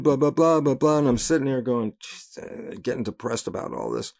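An older man speaks with a gravelly, rough-edged voice at a middle pitch. He is a guest in a casual interview. He tells his anecdotes with animation, acting out voices and laughing along with them. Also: fast talker, a little mellow.

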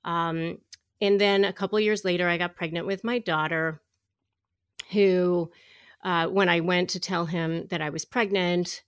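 A woman's voice: lowish voice, fairly even intonation, a little slow, smooth, no echo, studio quality. A middle-aged woman, a guest attorney, telling a story with animation in a podcast interview. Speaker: guest, divorce attorney and negotiator.

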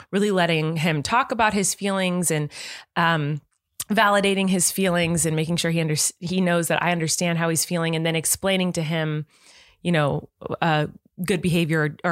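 A woman in her thirties chatting casually as a podcast co-host, telling stories about her toddler with lots of fillers, acting out quotes in a much higher voice. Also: no room sound, studio quality. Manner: animated storyteller, acts out quotes in a high voice, laughs. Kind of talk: casual chat.

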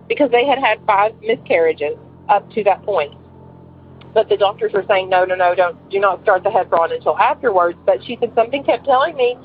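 Her voice husky and medium-pitched, a caller in her forties phones into a show to share something personal. The story comes out rambling and emotional, full of fillers, over a tinny line carrying a faint hiss.

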